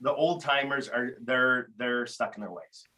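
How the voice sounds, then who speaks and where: A man talking casually as a podcast guest, telling animated stories with frequent restarts. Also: mid-range voice, measured pace, low-quality recording. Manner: animated storyteller, many restarts. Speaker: guest, tool company founder.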